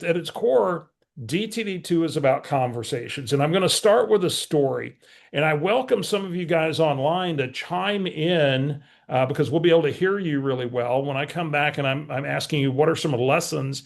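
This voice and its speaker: A middle-aged man, a real estate team leader telling an animated story to a team meeting and acting out both sides of a phone call. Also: a little high, gravelly. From San Antonio, Texas. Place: meeting room with remote attendees.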